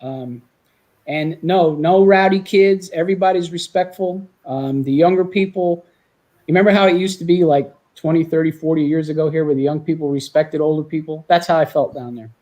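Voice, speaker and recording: A man chatting as a guest in an easygoing, plain-spoken way. His voice is fairly high for a man, with a dark, mellow tone. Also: fairly quick, lo-fi sound. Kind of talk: casual chat.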